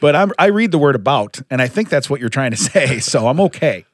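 Animated man in his forties, dry mic. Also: mid-range voice, fairly quick, dry recording. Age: 40s. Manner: animated storyteller, acts out quotes. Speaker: podcast co-host. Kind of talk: casual chat.

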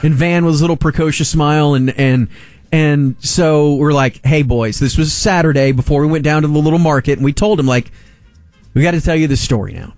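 A man in his forties, a radio host, telling a family story in a lively way and laughing along. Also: a little high, brisk, faint music behind. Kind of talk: casual storytelling on a sports talk show.

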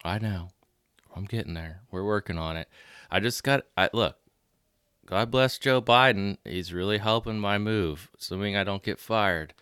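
A man's voice: low voice, normal speed, fairly bright tone, clean tone, no room sound, studio quality. A man from the area, chatting casually as a podcast co-host, joking and laughing often. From Pittsburgh area, USA. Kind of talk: casual chat.

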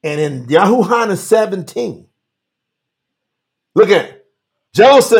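A man preaching on a live stream, animated, calling out to viewers by name and reading scripture slowly for emphasis. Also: high-pitched. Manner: Southern-style 'y'all' address, drawn-out emphatic reading. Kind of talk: livestream sermon reading scripture.

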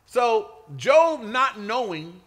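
High-voiced, bright pastor preaching. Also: male voice, very slow. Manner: lively, conversational preaching with calls for amen. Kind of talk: sermon.

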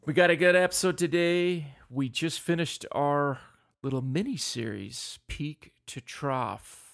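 A man's voice: a little high, a little slow, creaky, a bit bright. A man co-hosting a finance podcast, leading the casual chat with upbeat banter. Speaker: podcast co-host.

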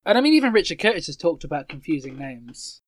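A man's voice: fairly high pitch, sing-song, fast. A man chatting casually on a podcast, rambling in a self-deprecating way and chuckling between thoughts. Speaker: podcast co-host.

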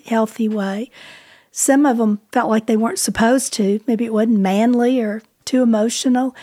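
Woman storyteller, high voice, conversational, expressive, co-host. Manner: conversational, expressive, drops to a whisper when quoting. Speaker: co-host and ministry founder. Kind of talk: personal storytelling.

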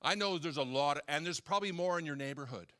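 Animated older male pastor preaching. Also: fairly high pitch, fast. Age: 60s. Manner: animated, conversational preaching with acted-out dialogue. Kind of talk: sermon. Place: church hall.

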